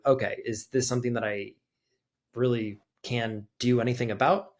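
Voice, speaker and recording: A young adult man, a podcast guest, telling a personal story in loose, casual conversation, peppered with "like". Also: on the low side. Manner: loose, conversational, heavy use of filler "like".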